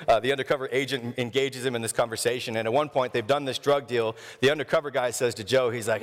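A male pastor preaching a sermon, telling stories in an animated way. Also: medium pitch, quick pace, few pauses. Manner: storytelling, animated. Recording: long hall reverb.

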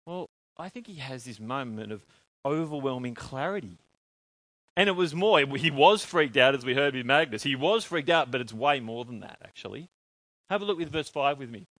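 A man preaching a sermon, in an animated way, asking his congregation questions and answering them himself. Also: mid-range voice, moderate pace, no echo.

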